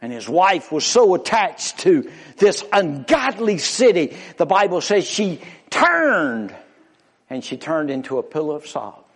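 Male preacher, slow and emphatic, pitch swooping all over, kinda high voice. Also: very animated, husky. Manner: emphatic, drawn-out pulpit delivery with big pitch swings. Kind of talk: sermon.

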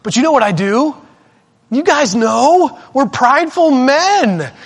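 A male preacher telling a personal story in a sermon. He is animated and self-deprecating and often restarts his sentences. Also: extremely high pitch, slow pace, breathy edge.

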